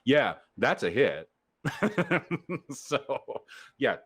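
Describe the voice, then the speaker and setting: A man narrating as game master of a tabletop role-playing session, with a laid-back, drawn-out delivery. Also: fairly low pitch, animated, fairly bright tone.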